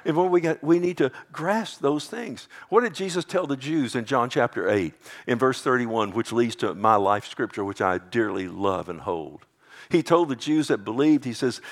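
A middle-aged male pastor preaching a sermon, quoting scripture and pressing his points with rising emphasis. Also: medium pitch.

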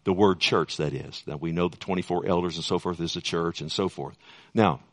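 A man's voice: sits low, fairly quick. A man preaching a sermon, talking conversationally and rising into emphatic bursts.

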